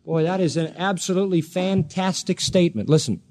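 Male preacher, high voice, dramatic, acts out quoted figures, 1977 church sermon recording. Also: expressive, fairly quick, darkish tone. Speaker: pastor. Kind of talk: expository sermon.

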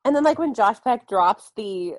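A woman's voice: a little high, expressive, normal speed. A young woman co-hosting a casual podcast, giving playful, laughing commentary on a movie. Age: young adult. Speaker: podcast co-host. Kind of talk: casual chat reviewing a movie.

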